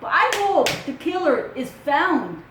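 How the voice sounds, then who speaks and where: High-voiced French-accented woman vlogger. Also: a little slow, reverberant, a little hiss or hum, poor audio. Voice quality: animated, wondering aloud with rhetorical questions. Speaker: true crime vlogger. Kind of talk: casual true crime commentary, reading news aloud.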